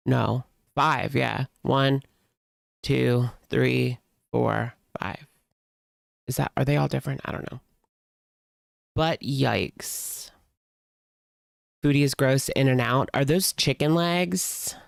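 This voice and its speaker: Slow, gravelly, sarcastic woman commentator. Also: a bass voice, dry recording, studio quality. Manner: sarcastic, chatty, heavy use of "like". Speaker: commentary host. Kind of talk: casual reaction commentary.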